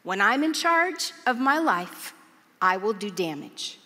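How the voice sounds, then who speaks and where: Long church hall reverb surrounds a woman's sermon in a large auditorium, where she tells stories with humor and earnest conviction. Her medium-pitched voice is very animated, bright and forceful, and she speaks slowly.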